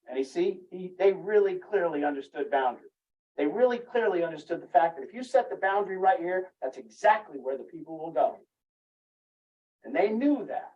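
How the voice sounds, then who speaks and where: A man's voice: high-pitched, expressive, fairly quick. A man telling a rambling, candid story in a group talk, laughing at himself now and then. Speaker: group speaker. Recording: muffled, distant room recording.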